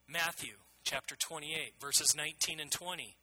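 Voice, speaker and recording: A man's voice: a little high, lively intonation, moderate pace, few pauses, sharp tone, poor audio. A middle-aged man preaching a sermon as pastor, earnest and emphatic, often repeating his phrases.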